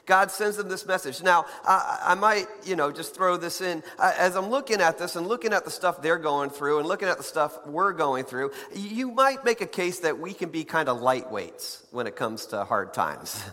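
A man's voice: on the high side, lively intonation, normal speed, hardly any pauses, sharp tone, big-room sound. A man preaching a sermon in a conversational way, with playful asides and frequent restarts. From United States. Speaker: pastor.

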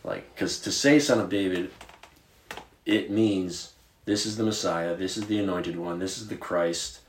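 Deep-voiced guy from virginia chatting casually about the bible, lots of "like", echoey room. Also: measured pace. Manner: conversational, animated storytelling with filler words. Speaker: podcast co-host.

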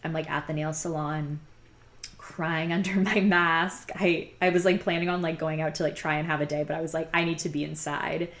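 A woman's voice: low-pitched, flat delivery, normal speed, a bit bright. A young woman casually telling a personal story, rambling and candid, with many fillers. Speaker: podcast host telling her own story.

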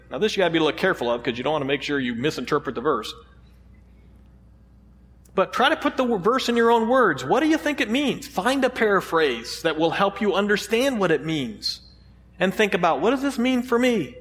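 In a church hall with long, ringing reverb, a pastor preaches a sermon in a high, slightly bright voice. He talks to the congregation loosely and conversationally, tossing out rhetorical questions along the way.

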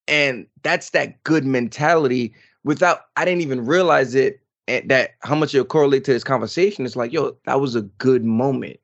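Podcast guy in his 30s telling stories, animated, slightly dull sound. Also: medium pitch, moderate pace, few pauses. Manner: animated storytelling, lively voice swings. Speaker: podcast co-host. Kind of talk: casual podcast chat.

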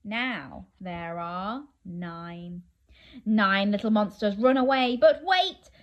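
A woman reading a children's picture book aloud, playful and animated, inviting the listener to join in, with drawn-out dramatic pauses. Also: mid-range voice, lo-fi sound. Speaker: children's story reader.

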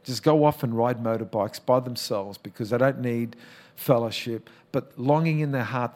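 A man's voice: mid-range voice, moderate pace, a little mellow. Impassioned man preaching a sermon. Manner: impassioned, emphatic preaching with rising calls; conversational storytelling with repeated restarts. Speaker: pastor.

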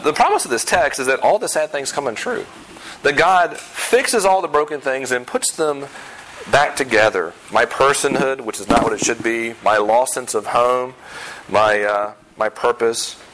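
A pastor preaching a sermon in a conversational way, with self-deprecating humor and emphatic repetition of key points. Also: male voice, medium pitch, fairly bright tone, poor audio. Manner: emphatic, repeats key phrases.

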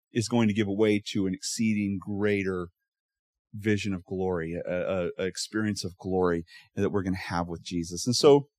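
Male pastor in his thirties, mid-pitched, casual storytelling sermon, dry close sound. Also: no room sound. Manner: conversational, animated storytelling with asides.

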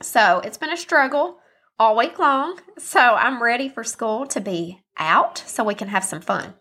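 A woman's voice: a little high, animated, unhurried, bright, forceful tone, slightly rough. Woman, 30s-40s, solo podcast host; chatty and encouraging, voice scratchy and muffled with allergies. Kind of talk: casual solo podcast chat.

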